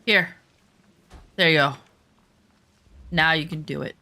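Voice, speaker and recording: A woman gaming streamer talks to her chat in an unhurried, drawn-out way, joking and swearing freely. She pokes fun at herself and gets flustered easily. Her voice sounds close and dry, with no room around it. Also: low voice, pushed and bright, no room sound. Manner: self-mocking, easily flustered. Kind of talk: casual gameplay chat with viewers.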